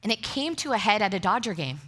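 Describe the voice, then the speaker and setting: Bright-voiced woman pastor preaching. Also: mid-range voice, very animated, fast. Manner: candid, self-deprecating storytelling with frequent laughter. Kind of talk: sermon. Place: church sanctuary before a congregation.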